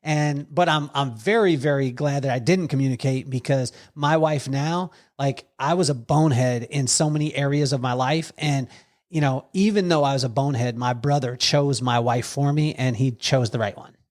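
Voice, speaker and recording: A man telling stories as a podcast guest, animated and quoting others with lively voices. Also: mid-range voice, normal speed. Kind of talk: storytelling conversation.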